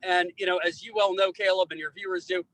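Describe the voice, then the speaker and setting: Energetic folksy man, bright high voice. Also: fast, dry recording, low-quality recording. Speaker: political candidate. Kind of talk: campaign interview answer.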